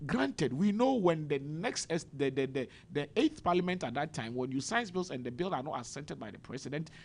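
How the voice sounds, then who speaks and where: Speaking on a radio panel in a studio, a Ghanaian political party member grows heated and rhetorical, citing scripture in his preachy commentary. His fairly high, darkish voice is brisk with lively intonation.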